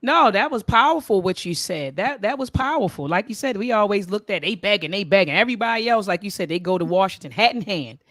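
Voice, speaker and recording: A woman's voice: medium pitch, lively intonation, quick pace, few pauses, a bit bright, no echo, studio quality. A woman hosting a live-stream book club discussion, speaking with passion and a preacher-like cadence that repeats phrases. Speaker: host.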